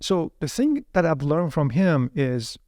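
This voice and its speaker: A man telling his life story as an interview guest, animated, often repeating words while he searches for the next one. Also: a little high, unhurried, no echo, clean studio sound. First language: Uyghur.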